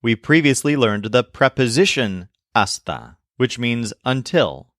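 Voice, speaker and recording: A man narrating a scripted language lesson with a lively, rising-and-falling voice. He explains things clearly and slows down for each example. The recording is dry and close, with no room sound. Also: medium pitch, no room sound. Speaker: language teacher.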